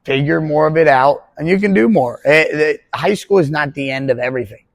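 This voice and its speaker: A man's voice: on the high side, a little fast, gravelly, no room sound. A man in his twenties, a pole vault coach, talking casually and rambling on a podcast. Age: 20s. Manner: rambling, conversational, jokey.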